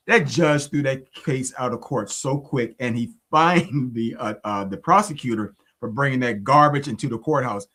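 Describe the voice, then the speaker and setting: A man co-hosting a faith podcast who tells stories in an animated, indignant way. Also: mid-range voice, moderate pace, hardly any pauses. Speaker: podcast co-host. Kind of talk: casual storytelling chat.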